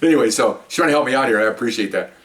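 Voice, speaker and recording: An older man, a retired police officer, telling work stories in a rambling, digressive way, getting animated when he quotes people. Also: mid-range voice, rapid-fire, far from the mic, a little hiss or hum. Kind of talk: casual storytelling monologue.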